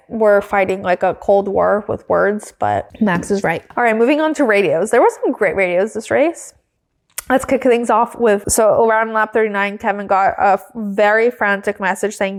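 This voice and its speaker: A woman co-hosting a podcast, recapping in a casual, chatty way and filling her talk with "like", now and then giggling. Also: mid-range voice. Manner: chatty, peppered with "like", breaks into giggles. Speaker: podcast co-host.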